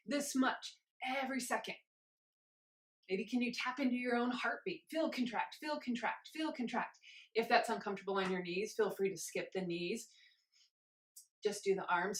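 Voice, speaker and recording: A woman instructor leading a guided movement class, cueing each step gently and chanting rhythmic counts while moving along herself. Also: fairly high pitch, moderate pace, echoey room, poor audio.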